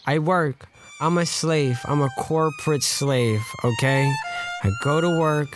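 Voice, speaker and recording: A man's voice: fairly high pitch, unhurried, music in the background. A man co-hosting a podcast, chatting casually and telling jokey stories. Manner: animated, jokey storytelling. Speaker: podcast co-host. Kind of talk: casual chat.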